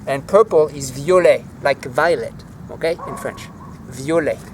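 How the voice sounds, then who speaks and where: A man walking through a home vegetable garden outdoors, naming plants and teaching their French words in a relaxed, chatty way. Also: fairly high pitch, measured pace, slight background noise. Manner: relaxed, chatty, easily enthused. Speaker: language teacher giving a garden tour.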